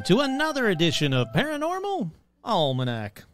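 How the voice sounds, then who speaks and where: A man's voice: sits high, very animated, moderate pace, over music. A man hosting a podcast, talking casually and jokily as he rattles off long lists of listener names. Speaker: podcast host.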